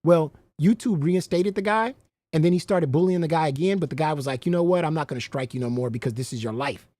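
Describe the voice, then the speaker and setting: A man's voice: a little high, fast talker, a little mellow, no room sound. A man hosting a casual livestream, rambling, swearing freely and breaking into laughter often. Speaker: livestream host.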